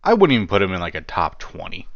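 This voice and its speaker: A true-crime commentary creator talks fast in a deep, gravelly voice with huge pitch swings, casually commenting on chat logs. He rambles, leaning on "you know" and "like," and drops wry, self-deprecating asides. The recording is dry, with the highs cut off.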